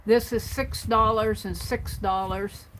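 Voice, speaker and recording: A woman vlogger casually chatting through her craft supply haul and tallying up prices out loud as she thinks. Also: mid-range voice, steady tone, slow pace, a little hiss or hum, low-quality recording.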